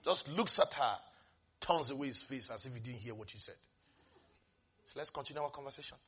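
A man preaching a sermon with lots of energy, dropping into soft asides, then rising to shouts, and laughing often as he speaks. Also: mid-range voice, animated, fairly quick, husky. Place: church service.

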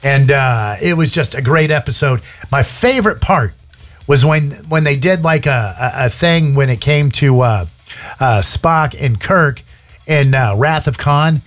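A man's voice: mid-range voice, unhurried, fairly bright tone. Chatty small-town radio host, man. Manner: rambling, chatty, with many fillers and restarts. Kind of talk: casual radio chat.

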